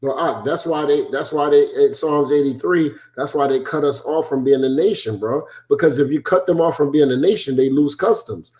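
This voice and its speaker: A man's voice: on the high side, moderate pace, few pauses, darkish tone. A man talking casually about scripture, rambling and searching for his words.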